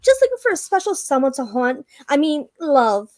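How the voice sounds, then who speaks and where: A woman's voice: sits high, sing-song, normal speed, a little mellow, no echo. A woman voicing a folksy, sinister male haunted hillbilly doll, reading his profile in a mock-sweet tone. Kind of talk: reading a character profile aloud.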